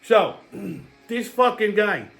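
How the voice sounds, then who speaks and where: A man's voice: high voice, animated, slow pace, vocal fry, fairly bright tone, soft background music. A man hosting his own show, telling a story as a profane, heated rant. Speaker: host. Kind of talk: casual ranting monologue.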